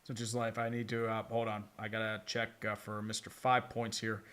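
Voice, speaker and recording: A man's voice: lowish voice, monotone, normal speed, fairly bright tone. A man streaming casual football chat, rambling with melodramatic fan despair. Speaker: sports streamer.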